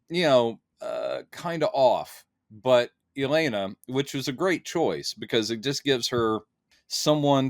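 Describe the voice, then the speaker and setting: Male film reviewer, casual chat, mid pitch, dry close sound, animated quoting. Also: no room sound. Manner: chatty, quoting characters in playful voices.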